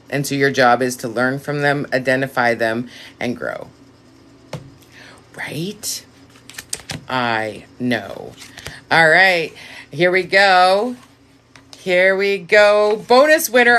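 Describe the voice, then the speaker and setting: A woman with a low, slightly raspy voice hosts a casual live stream. She talks slowly and unhurriedly, effusive and full of swearing, handing out blunt advice to her viewers. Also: a bit bright. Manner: profane, effusive, gives direct advice. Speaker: live stream host giving readings.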